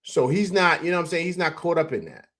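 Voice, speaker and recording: A young adult man hosting a casual postgame livestream, breaking down highlights and greeting viewers in an excited, chatty way that is full of fillers. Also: quick pace. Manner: excited, animated, repeats "man" and "you know what I'm saying". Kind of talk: casual sports commentary over highlights.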